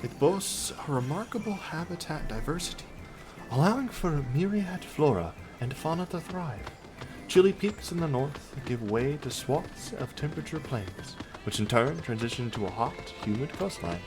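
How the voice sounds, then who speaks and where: A man's voice: animated, moderate pace, music in the background, natural voice. A man reading game dialogue aloud as an overworked male farm laborer, trying for an Irish or Scottish lilt. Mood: chatty. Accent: attempted Irish or Scottish lilt. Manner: louder, higher and brighter than his own voice.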